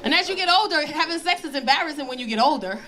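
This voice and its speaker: A bold, high-voiced woman performs a stand-up set on a comedy club stage, talking quickly. She tells stories loudly and animatedly, slipping into put-on voices. The live club recording catches the audience laughing.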